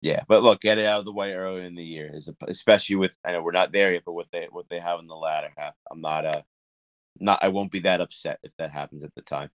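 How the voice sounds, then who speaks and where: A man co-hosting a casual sports podcast, talking in an animated way, laughing often and restarting his sentences. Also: sits low, quick pace, dry recording. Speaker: podcast co-host.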